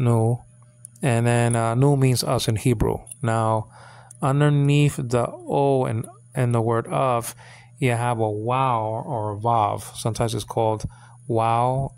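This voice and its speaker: Gravelly man teaching biblical Hebrew. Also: mid-range voice. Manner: chatty, rambling, keeps asking "you understand what I'm saying?". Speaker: Bible teacher. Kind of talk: informal Bible language lesson.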